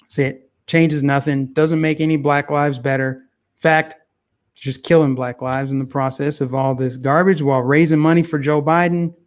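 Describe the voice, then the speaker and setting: A man hosting a casual talk show, giving opinionated political commentary that is animated and heavy on repeated phrases. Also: fairly high pitch, moderate pace.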